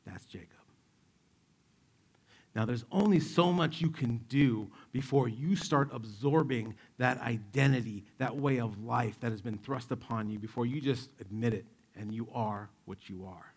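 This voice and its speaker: Gravelly-voiced pastor telling a story. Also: male voice, medium pitch, measured pace. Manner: casual, storytelling, acts out quotes. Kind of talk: sermon.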